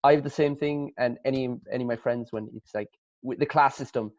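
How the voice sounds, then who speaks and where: A man's voice: medium pitch, steady tone, brisk, darkish tone. A man with an Irish accent, a panelist asking thoughtful, rambling questions with restarts in a casual video-call conversation. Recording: dry, muffled lo-fi call audio.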